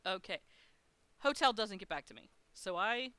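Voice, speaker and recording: Woman streamer, bright crisp voice, dry close mic, frank chatty storyteller who swears. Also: mid-range voice, expressive, moderate pace, dry recording. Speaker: live-streaming artist. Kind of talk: casual storytelling on a live stream.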